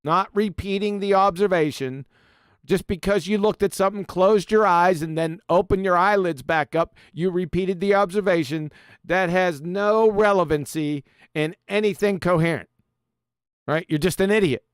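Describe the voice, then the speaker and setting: A man hosts a live stream, lecturing over slides in a combative, mocking tone. His voice sits high and comes through smooth and clear. He is recorded close on a dry mic with no room sound. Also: moderate pace, no echo. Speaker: host presenting a slideshow.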